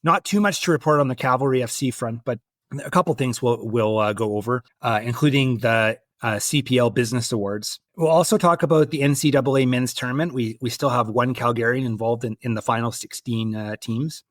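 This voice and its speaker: A man hosting a casual sports podcast, talking in a relaxed, hesitant way with fillers and restarts. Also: mid-range voice, fairly quick, dry recording, clean studio sound. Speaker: podcast host.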